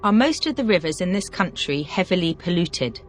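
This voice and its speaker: A teacher runs a language drill, reading out single vocabulary words and then firing brisk questions. The voice sits at a middle pitch, its intonation swings widely, and faint music plays underneath. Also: animated. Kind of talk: scripted question-and-answer drill.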